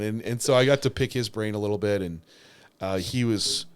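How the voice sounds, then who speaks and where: A young man on a podcast, talking in a loose, rambling way, full of fillers and false starts. His voice sits a bit low. He speaks as a bodybuilder looking back on a show. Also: fairly quick, clear, resonant tone. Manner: rambling, lots of filler words and restarts. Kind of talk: casual podcast chat.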